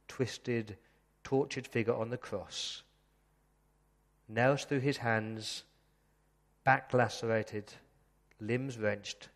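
A man preaching a sermon as pastor, earnest, slowing down to read scripture passages aloud. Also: mid-range voice, in a large hall. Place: church.

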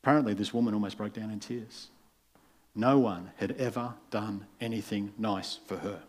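A man's voice: on the low side, fairly even intonation, moderate pace. A man, a pastor giving a conversational sermon and acting out the voices in his story. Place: church.

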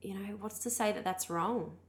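A woman's voice: mid-range voice, normal speed. A woman co-hosting a podcast, chatting expressively in a house and laughing often. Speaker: podcast co-host. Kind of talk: casual chat.

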